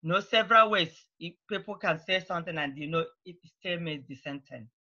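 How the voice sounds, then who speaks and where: A woman teaching a beginner language class, patiently repeating phrases slowly and clearly for her students. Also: lowish voice, sharp tone, highs cut off. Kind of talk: online language lesson.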